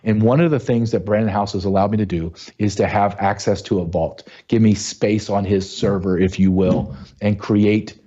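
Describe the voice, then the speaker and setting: A man's voice: on the low side, steady tone, normal speed, lo-fi sound. Blunt, ranting male host. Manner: blunt, angry, ranting with sharp rises. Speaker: show host. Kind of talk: opinionated commentary monologue.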